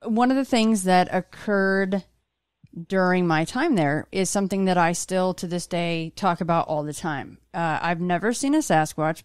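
Woman host, lower voice, chatty storyteller, dry sound. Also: no echo. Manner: chatty, storytelling, many restarts. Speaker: podcast host. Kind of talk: casual interview chat.

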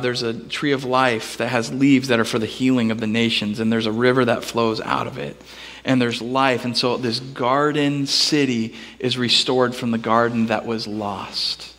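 A man preaching a sermon in a church, telling a story with animated voices for the people in it. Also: big-room sound. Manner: storytelling, animated, acts out characters with big pitch jumps. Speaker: pastor. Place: church sanctuary.

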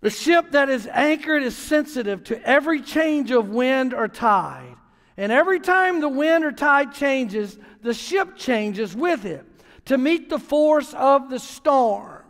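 A man preaching a sermon as pastor, telling a story and rising to emphatic, near-shouted points. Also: very high-pitched. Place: church sanctuary. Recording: long reverb of a large church hall.

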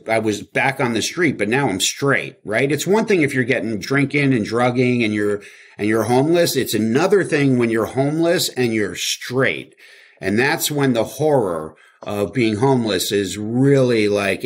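A man's voice: fairly low pitch, breathy edge. A man from New Jersey, an interview guest telling his story in casual, rambling speech, full of fillers and acted quotes.

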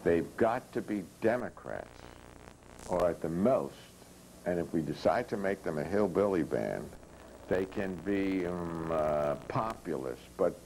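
Gruff deep-voiced argumentative guy in a spoken story, read by a man. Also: expressive, unhurried, darkish tone, a little hiss or hum, rough recording.

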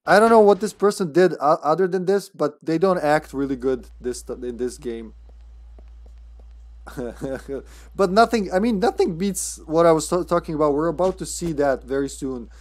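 A man's voice: a little high, lively intonation, moderate pace. A man streaming a horror game live, commenting casually, often stammering, swearing and laughing.

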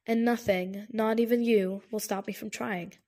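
A woman's voice: medium pitch, steady tone, moderate pace, dark tone, natural voice. A woman reading an audiobook, voicing a protective young man who speaks firmly and earnestly. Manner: firm, insistent, earnest. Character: firm, caring young man, protective and stubborn. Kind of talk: audiobook character voice.

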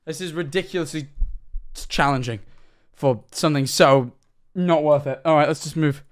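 A young man streaming live, reacting to clips with excited chatter, loud exclamations and frequent swearing. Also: a little high, normal speed.

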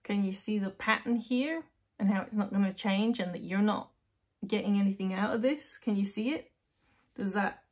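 A woman giving a direct-to-camera tarot reading, coaxing the viewer with rhetorical questions and slowing into guided breathing. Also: mid-range voice, breathy edge. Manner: soothing, slows into guided breathing. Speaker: tarot reader.

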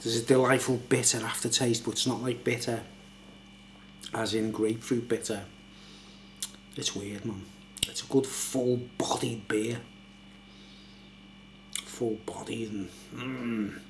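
A man's voice: mid-range voice, a little slow, pauses often, a little hiss or hum. An older man, a little tipsy, rambling and laughing as he reviews a beer late at night at home. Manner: rambling, chatty, laughs often.

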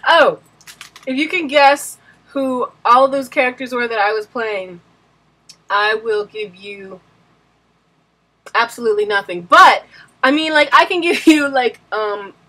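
A woman's voice: a little high, unhurried, pushed and bright. Bubbly woman web show host. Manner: bubbly, giggly. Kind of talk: casual talk to viewers.

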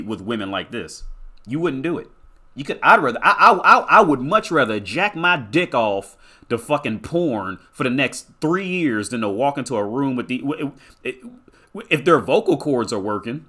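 A man delivering a blunt, profanity-laced commentary rant, stumbling over repeated words. His voice sits a little high and swings widely in pitch. The tone is bright and forceful. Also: big pitch swings, moderate pace. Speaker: commentary vlogger. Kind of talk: ranting reaction commentary.

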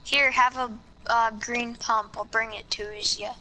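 Slow bright-voiced teasing woman. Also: a little high, fairly even intonation, poor audio. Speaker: gaming friend. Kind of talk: casual gaming chat. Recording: faint background noise.

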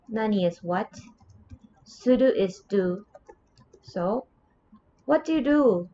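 Slow, careful woman teacher with a Japanese accent. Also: on the high side, expressive, warm tone, dull audio, a little hiss or hum. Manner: slow, careful, repeats example phrases with rising and falling intonation. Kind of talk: online grammar lesson.

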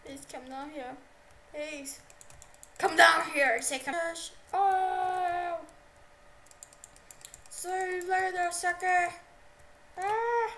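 A young woman livestreaming a game, excitable and repeating herself, yelping at what happens on screen. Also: very high voice, slow pace, pauses often, slight background noise, poor audio. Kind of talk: live gameplay commentary.

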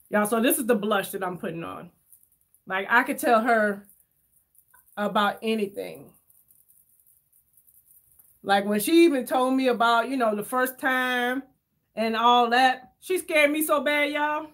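A woman chatting casually with her viewers while doing her makeup, telling stories in an animated way and reading their comments aloud. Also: a little high. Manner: chatty, animated storyteller, addresses viewers as y'all. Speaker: beauty vlogger reading live chat.

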